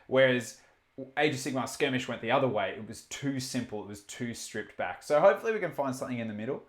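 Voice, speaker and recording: A man hosting a casual live stream, talking in quick bursts, swearing and restarting his sentences. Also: mid-range voice, reverberant. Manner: animated, swearing, self-interrupting. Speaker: stream host reading chat. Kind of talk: casual chat.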